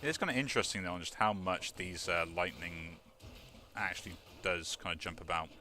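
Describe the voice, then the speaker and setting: A man with a low, bright voice talks casually over a video game. He rambles along, dropping plenty of "like" and "um". Faint noise sits behind him. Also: brisk. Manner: rambling, many fillers like "like" and "um". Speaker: let's play host. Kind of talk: casual gameplay commentary.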